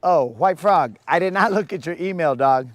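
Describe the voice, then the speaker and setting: On a dry recording, a man with a fairly high pitch and lively intonation talks at a moderate pace while fishing on a lake. It's casual live-stream chat, full of playful, slangy teasing aimed at his viewers.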